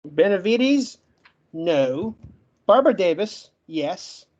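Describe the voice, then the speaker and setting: A man giving a debate closing argument in a rapid, list-like way, with a stutter that makes him get stuck on words. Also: high-pitched, big pitch swings, darkish tone, highs cut off. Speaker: debate participant.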